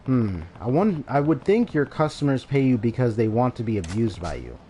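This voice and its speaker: A man voicing a calm, blunt male hero in a video game, matter-of-fact in tone. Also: mid-range voice, moderate pace, slight background noise, natural voice.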